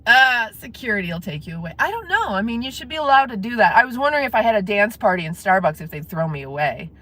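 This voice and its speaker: A woman's voice: medium pitch, big pitch swings, quick pace, pushed and bright. A woman live-streaming from her car, chatting casually with viewers and laughing often. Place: in a parked car.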